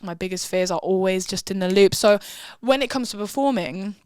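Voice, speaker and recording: A woman's voice: mid-range voice, moderate pace, darkish tone, clear, resonant tone, no echo, clean studio sound. A young woman, a guest musician chatting candidly and self-deprecatingly on a podcast. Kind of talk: casual podcast chat.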